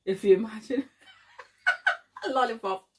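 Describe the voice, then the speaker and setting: A woman's voice: a little high, unhurried, noisy background. A middle-aged woman from Africa, hosting a baking channel, who chats casually with viewers, laughs often and calls them darling. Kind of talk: casual livestream chat with viewers.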